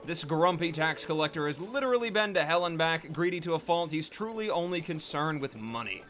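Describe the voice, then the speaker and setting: A man rambles through a casual let's play, chatty and full of fillers. His voice sits a little high and sounds bright and sharp. Soft game music plays faintly underneath. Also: animated, brisk. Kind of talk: casual gameplay commentary.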